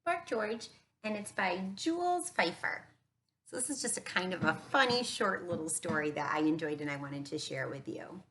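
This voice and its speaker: Lively woman reading a storybook. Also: fairly low pitch, moderate pace, slight background noise. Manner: animated, asks the listener questions. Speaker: teacher reading aloud to children. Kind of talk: storybook read-aloud with questions to kids. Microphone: camera mic.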